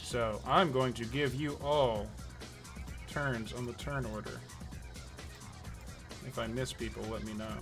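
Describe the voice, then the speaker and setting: A man's voice: mid-range voice, fairly even intonation, unhurried, pauses often, music in the background. A man running a tabletop game as dungeon master, playful, with dramatic outbursts.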